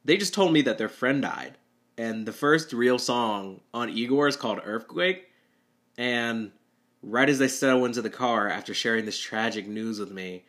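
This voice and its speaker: A man's voice: mid-range voice, normal speed, fairly bright tone. A young man, a rideshare driver, telling a rambling, self-deprecating story with nervous laughs. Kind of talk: storytelling monologue.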